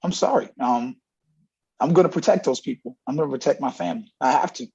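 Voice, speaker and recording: Husky, gravelly middle-aged man coach. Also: mid-range voice, fast, warm tone. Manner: earnest storyteller acting out dialogue. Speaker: college running backs coach, interview guest. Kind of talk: candid interview talk. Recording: dull lo-fi audio.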